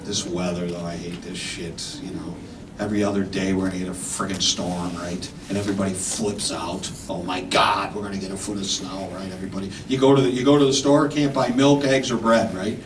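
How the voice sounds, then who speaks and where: A comedian in his fifties works a comedy club stage, his stand-up delivery punchy and rambling, sprinkled often with "right?" and "man." His deep voice stays fairly even in intonation at a fairly quick pace. The sound comes from a distant, echoey club mic, with audience noise and laughter in the background.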